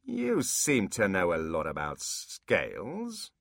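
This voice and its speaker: A man's voice: low voice, wildly swooping pitch, slow, vocal fry, a bit bright, dry recording, clean studio sound, full character voice. A man voicing a mocking, bullying male demon leader who taunts a small imp. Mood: taunting. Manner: taunting, jeering.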